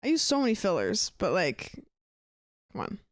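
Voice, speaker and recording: A woman chatting frankly as she reacts to clips, her talk loose and full of fillers. Her voice sits at a middle pitch and sounds dry and close. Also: wildly swooping pitch, moderate pace, no room sound. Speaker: streamer. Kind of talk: casual commentary on clips.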